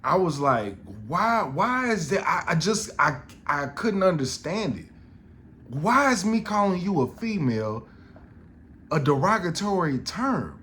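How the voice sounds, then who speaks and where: A man's voice: fairly high pitch, very animated, measured pace, sharp tone, slight background noise. A middle-aged man, telling a story on a podcast in an exasperated, profane rant full of restarts. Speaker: podcast host.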